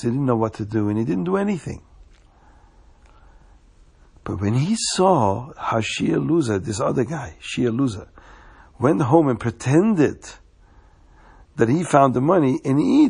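A man telling a story, slowing down for suspense. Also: a little high, vocal fry, a little mellow, breathy edge. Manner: slows down for suspense.

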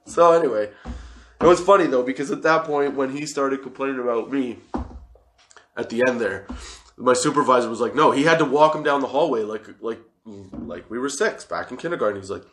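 Thirties male, casual profane storyteller, mid-pitched, laughs often, very animated delivery. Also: fairly quick.

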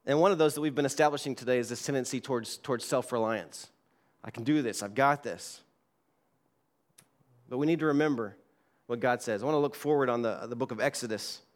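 A man's voice: medium pitch, fast. A man pastor preaching a sermon in a church, reading scripture aloud and repeating key words for emphasis. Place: church sanctuary.

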